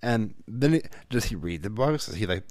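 A man in his thirties swears freely as he tells an animated story about his kids in casual chat. His voice sits a bit low, and the recording is close and dry with no room sound. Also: moderate pace, no room sound. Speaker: parent.

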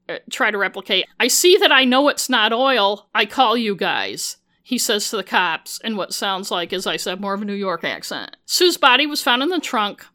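Chatty woman true crime podcaster, bright punchy voice, sarcastic asides, swears a lot. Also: mid-range voice. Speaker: podcast host; former journalist. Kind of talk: casual true-crime narration.

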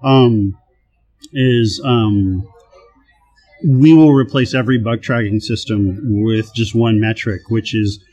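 Animated man telling work stories. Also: fairly low pitch, takes it slowly. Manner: animated, laughs often, acts out quoted voices. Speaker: guest, software team manager. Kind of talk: casual conversational storytelling.

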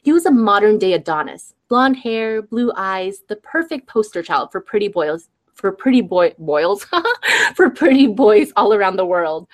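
A woman author on a show, reading aloud from her own novel in a lively, chatty way. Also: medium pitch, measured pace. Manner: lively, chatty, laughs between passages. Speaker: guest author.

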